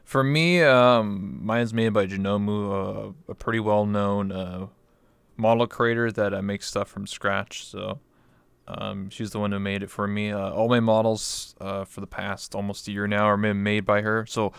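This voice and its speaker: A man's voice: on the low side, steady tone, measured pace, vocal fry, fairly bright tone, clean tone, no echo. A man from Canada hosting a casual streamed interview, rambling with lots of fillers. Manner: rambling, filler-heavy, laughs easily. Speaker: interview host.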